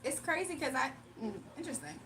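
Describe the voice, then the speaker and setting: A woman's voice: high-pitched, very animated, fast talker, a bit bright, distant mic, a little hiss or hum. A young woman hosting a casual livestream, playful and laughing as she talks to her chat. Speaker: livestream host.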